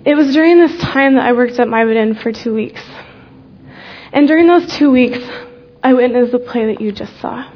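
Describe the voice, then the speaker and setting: A young woman giving an earnest personal faith testimony, speaking slowly with deliberate pauses and letting key words drop soft. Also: on the high side, muffled recording.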